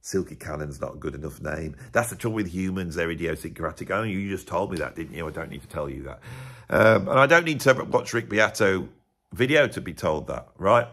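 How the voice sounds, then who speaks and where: Middle-aged English vlogger, husky, sarcastic, rambling commentary. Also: male voice, sits low, animated, fairly quick, a bit bright. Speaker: music YouTuber. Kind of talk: casual commentary vlog.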